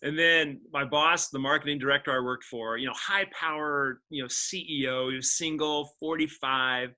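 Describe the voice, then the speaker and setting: Bright-voiced man telling his story. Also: fairly high pitch, moderate pace. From Indiana, USA. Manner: animated storyteller who acts out other people's lines, many fillers like "like". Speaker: podcast guest, actor. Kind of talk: personal storytelling in a conversation.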